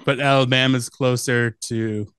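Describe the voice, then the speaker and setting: A man's voice: medium pitch, steady tone, measured pace, fairly bright tone, clear, resonant tone, dry recording, studio quality. A man co-hosting a podcast, chatting casually and teasing the others with jokey interjections. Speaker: podcast co-host. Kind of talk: casual chat.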